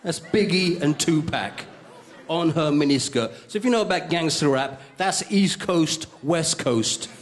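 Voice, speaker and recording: A male stand-up comedian, hosting a comedy show with quick, cheeky punchlines before a live audience. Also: fairly high pitch, expressive. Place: studio comedy stage with audience. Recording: live stage with loud crowd.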